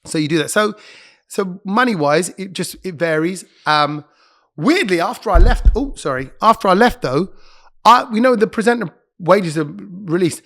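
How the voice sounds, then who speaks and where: A man, a radio presenter, chatting as a podcast guest and telling stories quickly, often breaking off to correct himself. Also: sits high, lively intonation, vocal fry, fairly bright tone. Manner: quick, chatty storyteller who interrupts himself. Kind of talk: casual interview chat.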